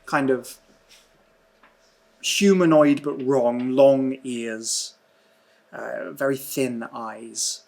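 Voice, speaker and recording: A man narrating a tabletop role-playing game as game master, in slow, hushed, dreamy descriptions. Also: medium pitch, gravelly.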